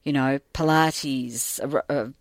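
A woman co-hosting a relaxed talk show, rambling and restarting her sentences. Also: extremely low pitch, takes it slowly, dry recording, studio quality. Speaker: podcast co-host. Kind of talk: casual chat.

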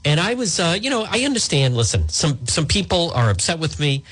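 A man hosting a talk radio show, delivering a combative, animated monologue full of asides and restarts, with a husky voice. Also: fairly high pitch, fairly quick.

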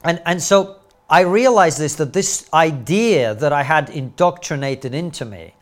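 A middle-aged man, a comedian and commentator talking as a podcast guest, an animated storyteller full of quick asides and rhetorical questions. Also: on the high side. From Soviet Union, raised later in Britain. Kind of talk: podcast interview.

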